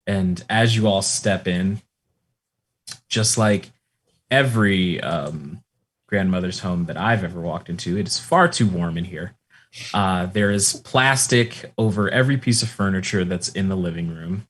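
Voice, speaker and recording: A man narrating as game master of a tabletop role-playing game, relaxed and rambling with many fillers. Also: low-pitched, measured pace.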